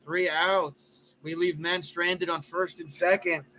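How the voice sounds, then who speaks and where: A man doing casual play-by-play for a fan livestream, chatty and jokey, drifting into stories between pitches. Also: flat delivery, slow pace, pushed and bright, slight background noise.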